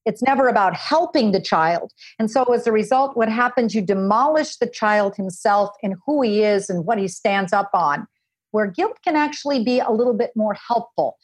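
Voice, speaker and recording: A woman's voice: medium pitch, animated, normal speed. A woman guest on a podcast interview, earnestly explaining parenting and acting out what parents and children say. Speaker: guest author and parenting expert.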